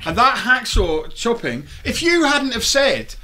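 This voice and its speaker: A man's voice: very high voice, big pitch swings, unhurried, sharp tone. A man hosting a casual podcast chat, laughing often and throwing in short replies. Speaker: podcast host. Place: recording studio.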